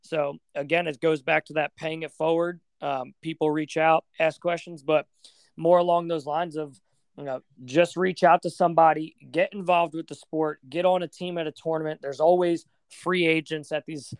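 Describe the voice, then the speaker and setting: A young American man, a podcast guest, telling stories in a relaxed, rambling way with lots of fillers. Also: a little high, moderate pace, clean tone, dry recording. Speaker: podcast guest, floorball player. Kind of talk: casual storytelling.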